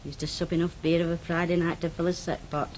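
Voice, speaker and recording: An actress playing a tart aunt. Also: female voice, on the low side, flat delivery, fast, darkish tone, slight background noise, lightly acted, rough recording. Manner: blunt, tart, dialect sayings. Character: blunt older Northern aunt. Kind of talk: radio drama.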